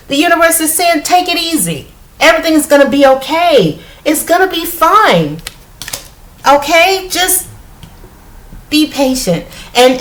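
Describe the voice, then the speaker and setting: A woman's voice: high-pitched, rough recording. Chatty woman reading tarot cards. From United States. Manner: chatty, repeats "okay?" often, animated. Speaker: tarot reader. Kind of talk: casual spiritual tarot reading.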